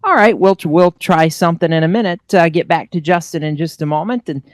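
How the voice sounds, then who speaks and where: A chatty man works victory lane on an online racing broadcast and asks long, friendly questions. His voice is smooth and clear, recorded close and dry. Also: on the high side, fairly quick, no room sound. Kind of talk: sim racing broadcast interview.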